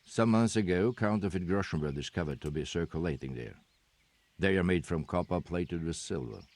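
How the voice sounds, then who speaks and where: An actor playing a guarded, secretive soldier, speaking in measured, formal video game dialogue. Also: male voice, deep voice, darkish tone. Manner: measured, formal, stiff old-fashioned phrasing.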